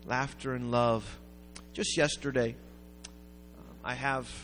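A man preaching a sermon, telling a story in a rambling way that builds to loud, emphatic peaks. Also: medium pitch, steady tone, slow pace, a little hiss or hum. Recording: long hall reverb with faint music.

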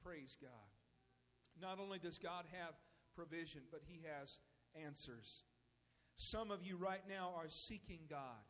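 A man's voice: fairly high pitch, a little slow, a bit bright, in a large hall. A male pastor preaching a sermon, rising into emphatic bursts and acting out little dialogues.

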